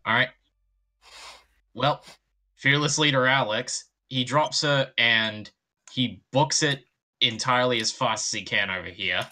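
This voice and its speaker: A man playing a tabletop role-playing game, talking loosely and now and then bursting into loud character lines. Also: medium pitch, measured pace, pauses often. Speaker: player.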